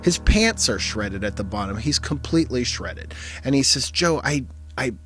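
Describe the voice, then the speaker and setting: A man's voice: mid-range voice, expressive, normal speed, a bit bright, faint music behind. Man telling a wry true story. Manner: wry, conversational, vivid storytelling. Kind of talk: personal storytelling monologue.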